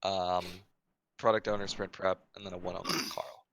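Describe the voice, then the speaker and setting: A man's voice: deep voice, fairly even intonation, normal speed, creaky, very noisy. A man leading a casual team stand-up, rambling with lots of "like" and "I mean".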